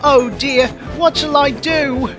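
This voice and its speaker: A small, cheeky young tank engine with a high, excitable voice, put on by a man. He fusses and boasts in a bright storybook manner. Music plays under him. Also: slow pace, exaggerated voice. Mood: anxious. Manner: eager, fussing. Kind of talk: storybook narration.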